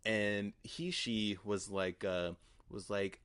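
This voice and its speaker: A man's voice: on the low side, fairly even intonation, takes it slowly, a bit bright, clean tone, no room sound. A young man in his twenties rambling through a casual story, heavy on fillers and swearing. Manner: rambling, profane, lots of fillers. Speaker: podcast host.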